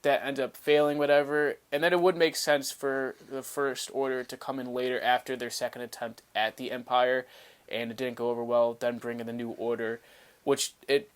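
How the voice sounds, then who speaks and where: A man co-hosting a fan podcast in a smooth, resonant voice. He works through his thoughts out loud in a steady, earnest way and keeps the tone casual. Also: medium pitch, moderate pace. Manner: reasoning things out, earnest. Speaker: podcast co-host.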